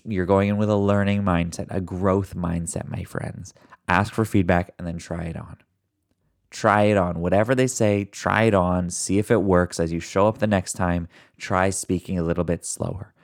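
A podcast host with a deep, gravelly voice delivers a motivational solo talk, coaching listeners and addressing them directly in an earnest, encouraging way. He talks fast but deliberately slows down at times.

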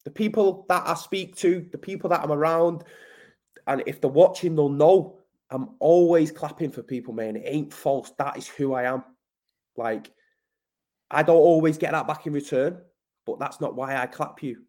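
Brief: English man, Manchester, slightly high voice, blunt, emphatic, sweary, casual podcast guest. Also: moderate pace, a little mellow. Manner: blunt, sweary, emphatic, keeps saying mate. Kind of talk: casual conversational interview.

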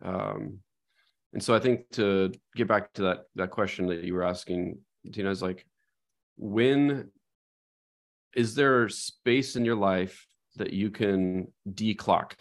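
A man's voice: on the low side, slow pace, vocal fry. A middle-aged man co-hosting a podcast, talking through ideas in a thoughtful, reflective way and often checking in with "right?". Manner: thoughtful, reflective, frequent "right?" tag questions. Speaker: podcast co-host. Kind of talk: casual conversational chat.

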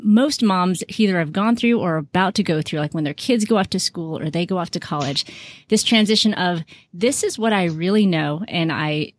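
A woman's voice: lowish voice, no echo. Sick nasal woman hosting a podcast. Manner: upbeat, encouraging. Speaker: podcast host. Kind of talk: friendly interview chat.

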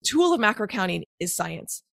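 A macro-counting coach in her thirties, a guest on a conversational podcast, explains ideas step by step using everyday analogies. Her mid-range voice has a slight fry, big pitch swings, a fairly bright tone and normal speed. The recording is dry and close, with no room sound.

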